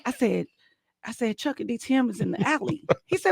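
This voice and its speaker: Brief: woman podcast co-host, gravelly edge, lively storyteller, dry close mic. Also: fairly high pitch, brisk, no echo. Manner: animated, laughing storyteller, acts out quotes. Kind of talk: casual storytelling chat.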